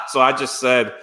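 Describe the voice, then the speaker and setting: A man's voice: mid-range voice, pushed and bright. A man streamer telling a story casually and animatedly, laughing and acting out quotes. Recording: roomy echo.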